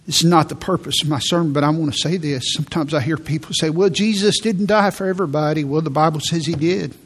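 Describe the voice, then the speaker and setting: A man giving a sermon as a pastor, preaching in a church with slow, emphatic delivery and repeated key words. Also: a little high, slightly rough. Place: church sanctuary.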